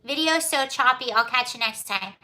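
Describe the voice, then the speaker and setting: A woman's voice: fairly high pitch, normal speed, sharp tone. A woman hosting a casual livestream, chatting, reading viewer comments aloud and answering them with giggles and apologies. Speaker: livestream host.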